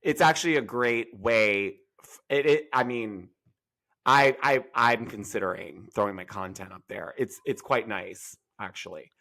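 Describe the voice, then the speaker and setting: A man co-hosting a podcast in casual gossip chat, sassy and animated with quick comic asides. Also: on the low side, gravelly. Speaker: podcast co-host.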